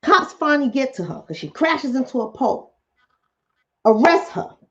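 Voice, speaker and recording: A woman vlogger talks right to her audience in a casual commentary, preaching with emphasis at a normal speed. Her high, somewhat bright voice is sing-song, swinging widely in pitch, over slightly dull, lo-fi sound.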